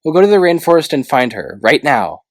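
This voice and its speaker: A man's voice: fairly high pitch, big pitch swings, a little fast, no echo, pitched above the performer's own voice. A man reading aloud, voicing a loyal, kind-hearted young male dragon in a pleading, emphatic way.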